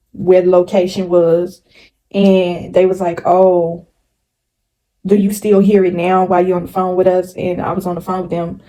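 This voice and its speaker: Woman vlogging a story to her viewers, earnest and repeating herself, dark mellow voice. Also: on the low side, low-quality recording. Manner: earnest, repetitive, talks straight to viewers. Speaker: spirituality vlogger. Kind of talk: casual storytelling to camera.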